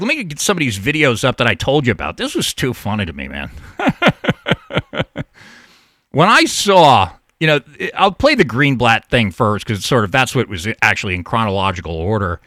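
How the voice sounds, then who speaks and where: A man's voice: medium pitch, bright, forceful tone, dry recording, clean studio sound. A man hosting a call-in show, rambling, profane and stammering through restarts in a casual monologue. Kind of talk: casual talk radio monologue.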